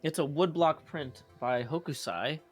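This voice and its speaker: A man's voice: a little high, a little slow, husky. A man streaming live, chatting casually and reading out viewer messages. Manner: chatty, reads out viewer messages and thanks tippers. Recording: faint music behind.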